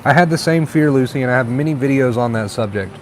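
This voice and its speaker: A man hosting a casual live stream, chatting in a relaxed, encouraging way and reading viewer comments aloud. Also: mid-range voice, fast, slight background noise. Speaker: livestream host.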